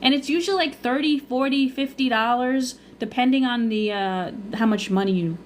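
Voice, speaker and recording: A woman's voice: on the high side, moderate pace, slight background noise. A woman with a Long Island accent, chatting casually on a livestream as a travel agent answering cruise questions, and sometimes losing her train of thought. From Long Island, New York.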